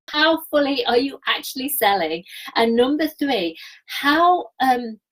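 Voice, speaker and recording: Lively woman coaching on a livestream. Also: fairly high pitch, slightly rough, poor audio. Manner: energetic, chatty, laughs often. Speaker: business coach. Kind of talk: live-streamed coaching talk.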